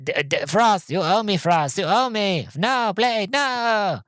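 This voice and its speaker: A man's voice: fairly even intonation, moderate pace, fairly bright tone, no echo, studio quality, natural voice. Man voicing a cowardly, squealing vampire henchman in a comic film retelling. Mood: pleading whiny. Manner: high squealing pleading, stammering. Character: whiny cowardly obese male vampire, pleading.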